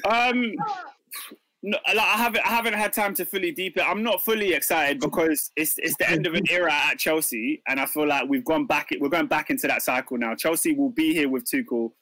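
A man's voice: fairly high pitch, fairly even intonation, a little fast, sharp tone, dry recording, low-quality recording. A man hosting a casual football podcast, earnest and hesitant, often restarting his sentences. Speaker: podcast host.

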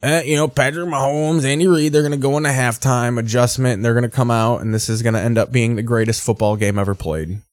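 A man's voice: mid-range voice, fairly even intonation, fast, few pauses, no room sound. A man hosting a casual show, reacting to football broadcast clips with sarcastic, rambling, profane commentary. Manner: sarcastic, rambling, swears freely.

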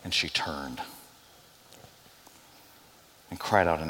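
A man preaching a sermon as pastor, animated and joking, dropping his voice low for quoted lines. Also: moderate pace, a little hiss or hum. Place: church sanctuary. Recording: long hall reverb.

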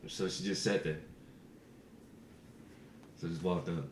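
A man's voice: low-pitched, fairly even intonation, measured pace, noisy background. A man co-hosting a podcast, telling stories in casual chat, swearing freely and laughing often. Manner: profane, laughs often through his stories. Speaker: podcast co-host. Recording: roomy echo.

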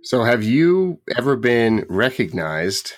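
A man's voice: medium pitch, sing-song, slow, no echo, studio quality. A man hosting a podcast in casual chat, telling joking anecdotes and laughing often. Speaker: podcast host.

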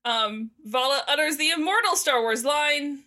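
A woman's voice: high voice, normal speed. A woman co-hosting a podcast, chatting casually and with animation as she recaps an episode and acts out the characters' lines. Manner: animated, laughing, quotes characters in playful voices. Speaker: podcast co-host.

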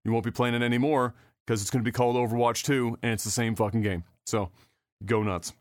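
A man hosts a laid-back gaming news podcast in a steady, medium-pitched voice, talking fast. He's sarcastic and offhand, swears freely, and fills his speech with fillers and restarts. The studio recording is clean with no room sound.

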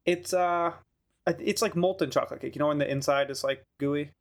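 A man's voice: a little high, fairly quick. A man co-hosting a podcast in casual chat, joking around and laughing often. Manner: joking, laughs a lot, loose filler-heavy talk. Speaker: podcast co-host.

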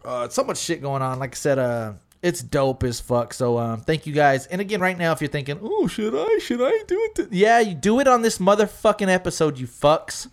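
A man hosting a podcast in casual banter, loud and joking with lots of swearing. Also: on the high side, fairly quick, hardly any pauses. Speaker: podcast host.

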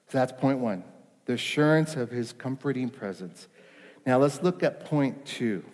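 A man delivering a sermon in a big hall, the long reverb trailing after each phrase. He is emphatic, rises into pleading questions and sinks to quiet, reassuring lows. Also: expressive, moderate pace. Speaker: pastor.

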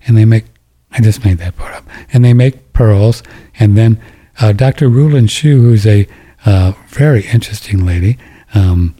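Older male talk radio host, very dark tone, loose and jokey, self-interrupting. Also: mid-range voice. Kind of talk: casual talk radio with ad reads.

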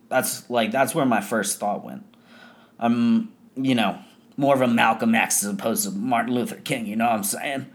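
A man's voice: mid-range voice, moderate pace. A young man telling a personal story in a loose, profane, rambling way, full of fillers. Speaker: podcast host. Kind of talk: casual storytelling monologue.

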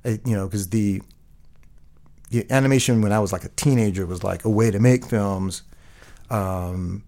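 A middle-aged man talks in a low register with a rough, gravelly edge. He rambles through his stories with restarts and constant fillers, in a relaxed interview chat. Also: normal speed. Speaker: guest. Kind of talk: casual interview conversation.

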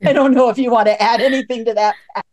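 A woman in her fifties, a psychologist hosting a radio talk show, telling a story in a lively, chuckling way. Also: on the high side, fast talker. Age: 50s. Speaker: host, psychologist.

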